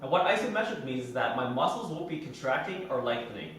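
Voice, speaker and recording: A man's voice: mid-range voice, lively intonation, fast, fairly bright tone, slight background noise. Man coaching exercises in an echoey gym. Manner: instructive, explains while doing the moves. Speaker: fitness trainer. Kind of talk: exercise demonstration. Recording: very echoey room heard from a distance.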